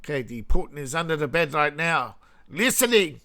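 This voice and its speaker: A man's voice: fairly high pitch, lively intonation, moderate pace, pushed and bright. An Australian man hosting a casual news commentary vlog, rambling and sarcastic, chuckling at his own jokes. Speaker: host.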